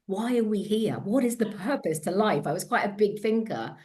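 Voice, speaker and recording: A woman in her forties with a Devon accent, telling her story as an interview guest in a lively, chatty way, often restarting sentences and laughing. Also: mid-range voice, moderate pace. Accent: Devon English. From England. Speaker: guest, empowerment coach.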